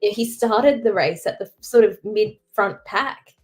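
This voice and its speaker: A young woman from Derry with a Northern Irish accent, co-hosting a casual podcast chat with opinionated, quick analysis. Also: medium pitch. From Northern Ireland. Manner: opinionated, fast analytical talk with fillers. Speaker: co-host.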